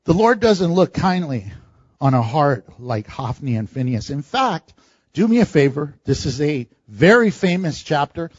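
A man's voice: a little high, sing-song, moderate pace, husky, no room sound, dull audio. A male pastor preaching a verse-by-verse sermon, acting out quotes with laughter and animation.

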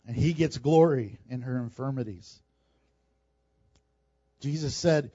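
A man's voice: medium pitch, unhurried, pauses often, mellow, slightly rough, no echo, highs cut off. A male pastor preaching a sermon, emphatic and repeating phrases for stress.

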